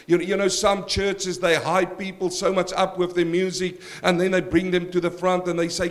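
A man's voice: sits high, normal speed, few pauses. A man preaching a verse-by-verse sermon as pastor, emphatic and direct, addressing his congregation.

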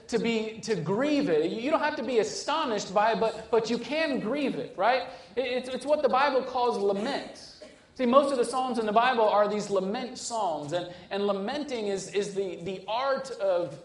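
A man preaching a sermon with a fairly high voice that rings in a roomy church hall. He shifts between urgent, rising lines and hushed, quiet stretches. He often restarts phrases with repeated words. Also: expressive, moderate pace. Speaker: pastor.

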